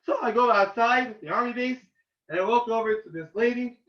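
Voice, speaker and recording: A man, a rabbi, giving an informal talk to yeshiva students and telling animated stories in which he loudly acts out the quoted lines. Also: very high voice, a little fast. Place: room at a yeshiva. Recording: roomy, distant and dull.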